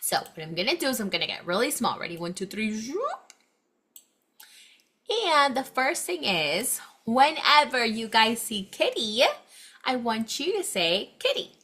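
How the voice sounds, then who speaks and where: A young woman teacher reading a picture book aloud to children and leading a phonics lesson, with exaggerated, expressive delivery. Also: a little high. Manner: animated, exaggerated expression with gasps, slow clear delivery.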